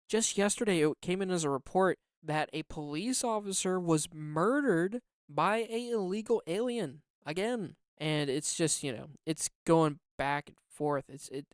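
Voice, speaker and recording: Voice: medium pitch, no room sound, studio quality. A podcast co-host ranting in heated, indignant political commentary, repeating words for emphasis.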